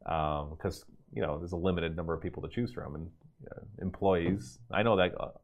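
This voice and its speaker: A man hosting a casual stream, answering viewer questions in an animated, chatty way and laughing easily. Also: low voice, brisk. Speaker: host and game master of a gaming store stream.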